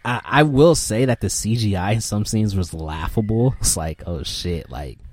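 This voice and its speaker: A young man co-hosting a podcast in casual chat, relaxed and profane as he recounts reactions. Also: lowish voice, normal speed, slightly rough. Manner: relaxed, profane, laid-back storytelling. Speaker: podcast co-host.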